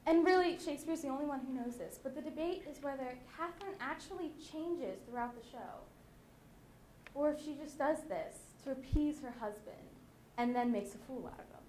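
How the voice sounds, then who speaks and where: A teenage girl with a high voice gives a chatty, lively talk to her peers. Her voice rings around a roomy school auditorium with a faint hum behind it. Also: fairly quick. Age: late teens. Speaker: student speaker. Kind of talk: youth conference talk. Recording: echoey hall.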